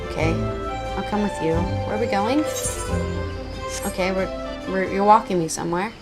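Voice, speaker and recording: A woman's voice: mid-range voice, moderate pace, long pauses. A woman streaming a game, chatting casually, joking and swearing while reading dialogue aloud. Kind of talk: casual gameplay commentary. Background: game music.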